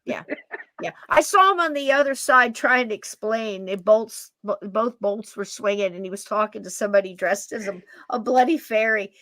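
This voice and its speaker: A woman hosting a podcast, telling a story in a lively way and laughing as she goes. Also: mid-range voice, moderate pace, no room sound. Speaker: podcast host. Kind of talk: animated storytelling.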